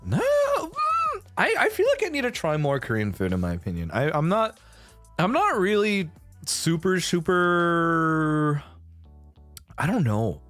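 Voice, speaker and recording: A man's voice: on the high side, wildly swooping pitch, measured pace, a bit bright, no room sound, soft background music. Rambling, swearing male streamer. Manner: rambling, heavy swearing, frequent self-restarts. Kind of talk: casual live-stream chat.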